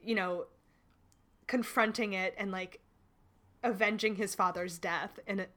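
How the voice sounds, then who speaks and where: Young woman co-host, casual film chat, animated, laughs a lot, middle-pitched. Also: unhurried. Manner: animated, laughs often, retells scenes. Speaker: podcast co-host.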